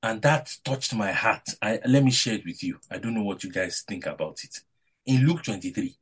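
A man's voice: lowish voice, animated, normal speed, breathy edge. A man preaching a devotional sermon with emphatic delivery, his voice rising and falling between points.

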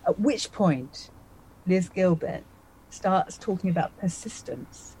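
Speaking slowly in a warm, lowish voice with lively intonation, this fifty-something woman is a magician guesting on a podcast. She animatedly recounts a personal story, voicing her own thoughts as she goes, over a low-quality recording with slight background noise.

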